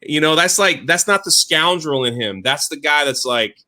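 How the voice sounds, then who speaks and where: Excitable man with a bright voice. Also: mid-range voice, normal speed. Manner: excitable, rambling, lots of "like" and "freaking". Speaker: podcast co-host. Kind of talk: casual chat.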